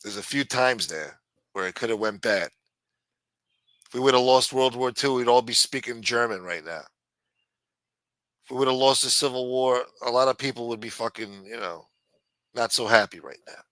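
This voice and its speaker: A man's voice: medium pitch, moderate pace, long pauses, a bit bright, dry recording. A middle-aged man hosting a live stream, ranting bluntly and swearing constantly. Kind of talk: profane ranting monologue.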